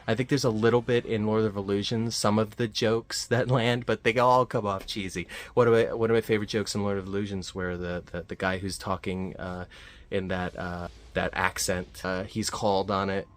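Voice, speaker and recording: A man talks through a film review in a relaxed, off-the-cuff way, with a slightly low voice. He rambles, fills gaps with "uh" and restarts his sentences often. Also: normal speed. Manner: rambling, frequent fillers and restarts. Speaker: movie reviewer. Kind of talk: casual spoken film review.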